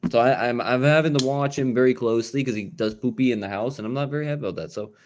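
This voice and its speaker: A man's voice: mid-range voice, fast, a little mellow, slight background noise. A man streaming a casual chat from home, rambling with fillers and restarts and swearing now and then. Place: at home indoors.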